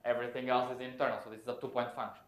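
A man's voice: medium pitch, flat delivery, rapid-fire, fairly bright tone, slight background noise. A man giving a technical physics lecture, explaining step by step and correcting himself as he goes. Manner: thinks aloud, self-correcting, explanatory. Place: lecture hall. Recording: echoey lecture room.

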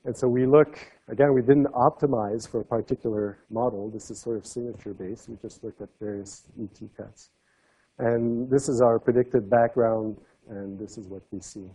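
A man giving an academic seminar talk, explaining step by step and letting his voice drop softly at the ends of phrases. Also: medium pitch, fairly even intonation, normal speed, husky, rough recording. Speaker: lecturer.

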